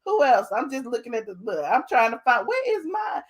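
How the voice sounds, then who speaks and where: High-pitched sassy woman host. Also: a little fast, breathy edge. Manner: animated, sassy, talks to chat as "honey". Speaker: show host. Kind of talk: casual live commentary.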